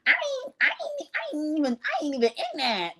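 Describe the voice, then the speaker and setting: A woman putting on a squeaky stammering flustered young woman. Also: huge pitch swings, normal speed, sharp tone, full character voice.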